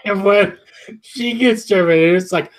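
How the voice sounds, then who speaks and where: A man co-hosting a casual episode review, excitable and quick to laugh and swear. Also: sits high. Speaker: podcast co-host.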